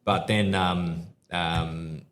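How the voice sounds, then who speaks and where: A man, a police officer, telling rambling stories with halting fillers on a live podcast show. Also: deep voice, fairly even intonation, fairly bright tone, a little hiss or hum.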